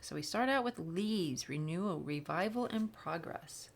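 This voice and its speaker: A woman giving a casual spiritual card reading, rambling and soft-spoken, sometimes slipping into whispers. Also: fairly low pitch, expressive, unhurried, vocal fry. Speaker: spiritual reader. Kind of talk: casual channeled tarot reading.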